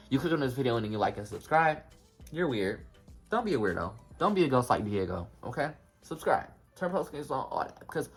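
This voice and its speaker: A young man telling a casual storytime vlog, animated and slangy, talking straight to his viewers. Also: medium pitch, husky. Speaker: vlogger.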